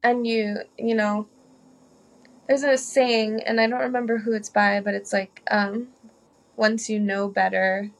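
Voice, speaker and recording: A woman's voice: on the high side, fairly even intonation, a little slow. A woman guest on a podcast, talking earnestly and chattily, often saying "like". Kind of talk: casual conversation.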